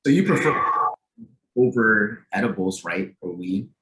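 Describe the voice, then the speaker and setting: A man's voice: lowish voice, lively intonation, fairly bright tone. A young man chatting on a podcast as a guest, joking and teasing. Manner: chatty, joking, quick to tease. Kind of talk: casual chat. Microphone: video call. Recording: echoey room on a video call.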